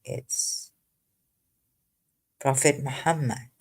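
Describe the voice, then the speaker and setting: A slow-spoken commentator works through a scripture verse word by word, lingering on single terms and circling back to them. The delivery halts often, with repeated words and fresh starts, and a cough keeps coming back. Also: mid-range voice, steady tone, gravelly, slightly rough. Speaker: religious commentator.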